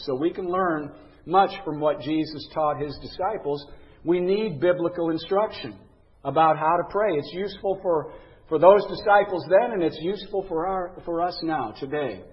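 Earnest male Bible teacher, slightly raised pitch, recorded with long reverb. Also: highs cut off. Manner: earnest, conversational teaching with emphatic scripture readings. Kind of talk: Bible lesson.

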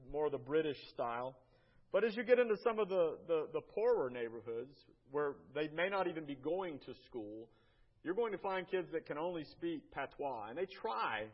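An American man giving a church slideshow talk about a mission trip, folksy and halting, often repeating his words. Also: a little high, dull audio. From United States.

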